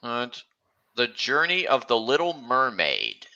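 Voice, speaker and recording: A man chatting casually on a stream, talking slowly and haltingly with frequent restarts. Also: medium pitch, wildly swooping pitch, sharp tone, highs cut off. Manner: halting, many restarts, slow and meandering. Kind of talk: casual chat.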